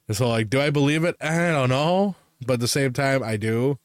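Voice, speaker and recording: A man's voice: mid-range voice, dry recording, clean studio sound. A man, a podcast co-host, telling a personal ghost story in a casual, profane, rambling way.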